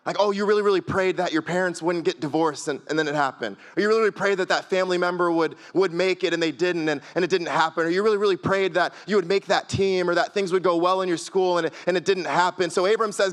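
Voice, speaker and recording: A young man with a fairly high voice, preaching to a youth group. He talks casually and loosely, piling up repeated phrases and fillers as he builds his points. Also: steady tone, fast talker, hardly any pauses. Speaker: youth pastor. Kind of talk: sermon.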